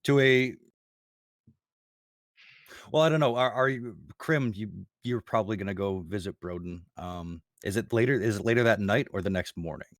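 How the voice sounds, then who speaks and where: A man narrating as game master of a tabletop game, halting and repeating himself with many fillers. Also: lowish voice, no room sound, studio quality.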